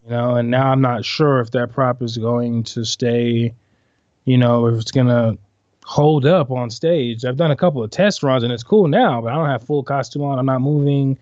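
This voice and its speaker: A man's voice: medium pitch, normal speed, a little mellow, no echo. A man chatting casually on a podcast, talking in a laid-back, rambling way. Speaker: podcast guest and club dancer. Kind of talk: casual chat. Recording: dull, dry sound.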